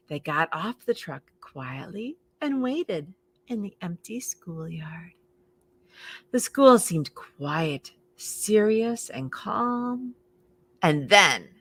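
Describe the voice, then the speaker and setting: Animated woman reading storytime aloud. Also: lowish voice, drawn-out words, breathy edge, no room sound. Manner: animated and expressive, playing up sounds for children. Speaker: children's librarian. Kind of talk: storytime read-aloud for preschoolers.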